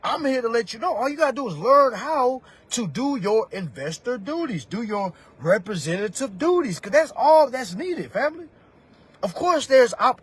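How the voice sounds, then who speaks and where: A man's voice: high-pitched, a bit bright, breathy edge. A man in his thirties ranting on a livestream, preachy and profane, talking straight to his viewers and calling them family. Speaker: livestreamer giving money advice. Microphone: phone.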